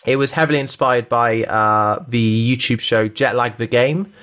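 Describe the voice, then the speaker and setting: Young man, podcast co-host, eager and talkative, mid-pitched voice. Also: moderate pace, a bit bright. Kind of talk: casual chat.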